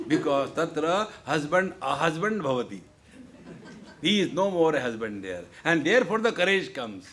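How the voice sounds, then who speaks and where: A man gives a light-hearted spiritual talk. His voice sits a little high, and he speaks slowly and deliberately. He keeps returning to a friendly "see, friends" as he jokes. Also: fairly bright tone, a little hiss or hum. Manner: jovial, repeats "see, friends", playful asides. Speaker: spiritual teacher. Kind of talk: humorous spiritual discourse. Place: lecture hall.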